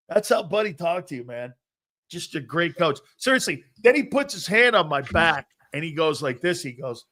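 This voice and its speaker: Brash middle-aged man, sports talk host, slightly high voice, loud storyteller. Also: sing-song, moderate pace. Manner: loud, brash storyteller who acts out quotes.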